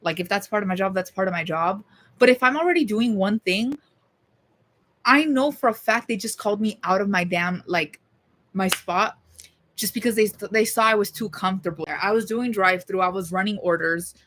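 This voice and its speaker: A woman's voice: medium pitch, moderate pace, fairly bright tone. A young woman vlogger talking casually to her camera, rambling, swearing and mocking herself.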